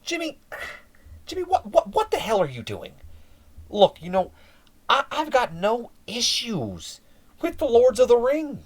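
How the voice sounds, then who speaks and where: A man's voice: very high voice, huge pitch swings, a little slow, long pauses, pitched above the performer's own voice, full character voice. A man voicing an exasperated, defensive male wrestling general manager who pleads and justifies himself. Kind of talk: mock wrestling promo.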